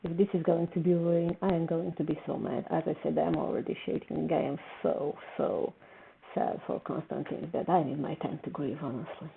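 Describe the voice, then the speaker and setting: A woman's voice: low voice, steady tone, normal speed, vocal fry. A woman hosting a casual TV reaction video, talking emotionally and repeating herself when upset. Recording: tinny phone-like sound with faint noise.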